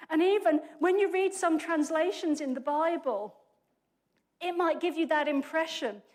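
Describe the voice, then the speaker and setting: A woman delivering a sermon with a high-pitched voice. Her talk is lively and conversational, laced with humor, and she often breaks off mid-phrase to restart and correct herself. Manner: lively, chatty and humorous, with quick self-corrections. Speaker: preacher.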